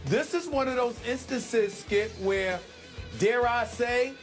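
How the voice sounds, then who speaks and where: A man with a high voice argues in a sports debate, stretching his words for emphasis and pressing his points hard. Faint music sits under his voice. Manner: emphatic, drawn-out dramatic delivery.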